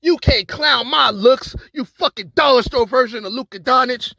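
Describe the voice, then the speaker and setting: A man's voice: very high voice, moderate pace, gravelly, pushed and bright, no echo. A man performing a battle rap verse with an aggressive, taunting delivery. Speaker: battle rapper.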